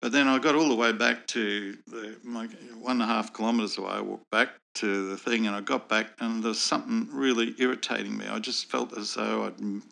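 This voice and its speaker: A man with a gravelly low voice, telling a personal faith story to an interviewer. His tone is earnest and reflective, with a bright, forward edge to his voice. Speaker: guest sharing personal testimony.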